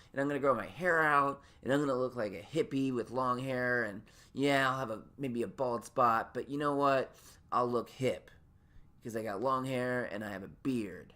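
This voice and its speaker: A man's voice: mid-range voice, sharp tone. A man hosting his own podcast, ranting in a rambling, neurotic and profane way. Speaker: podcast host. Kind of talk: solo comedic rant.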